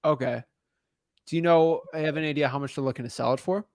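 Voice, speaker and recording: A man's voice: on the high side, fast talker, no echo, clean studio sound. A young adult man coaching callers on real estate deals live, direct and encouraging, checking in with the listener as he talks.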